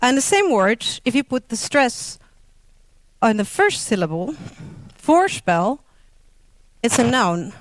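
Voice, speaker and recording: A woman's voice: fairly high pitch, big pitch swings, a little slow. A woman with a Dutch accent, a native Dutch speaker, giving an informal talk on linguistics in English, hesitant, with many fillers and self-corrections. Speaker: lecturer.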